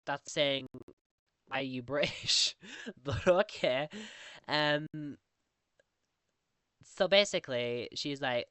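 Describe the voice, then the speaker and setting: A young woman chatting casually over a game recording, rambling and acting out what others said in a higher voice. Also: takes it slowly, long pauses, fairly bright tone, clear, resonant tone, no echo. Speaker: Minecraft roleplay vlogger.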